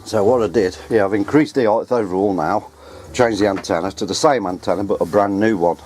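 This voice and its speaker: A deep, mellow-voiced man talks casually to the camera he holds outdoors at his home. He rambles and corrects himself as he speaks, with a faint hiss of noise behind him. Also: brisk. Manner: chatty, rambling, self-correcting. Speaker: radio hobbyist vlogger. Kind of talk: casual running commentary to camera. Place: outdoors at home on ladders and in the garden. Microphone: handheld camera mic.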